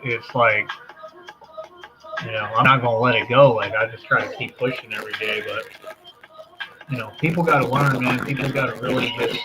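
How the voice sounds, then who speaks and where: A man hosting a livestream, ranting in a brash, profane, casual way. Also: medium pitch. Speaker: livestream host. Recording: dull lo-fi stream audio with music.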